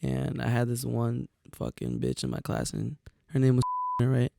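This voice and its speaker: A young man co-hosting a podcast, telling stories in a casual, profane, animated way and acting out the quotes. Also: medium pitch, measured pace, creaky, no echo, clean studio sound. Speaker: podcast co-host. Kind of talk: casual storytelling chat.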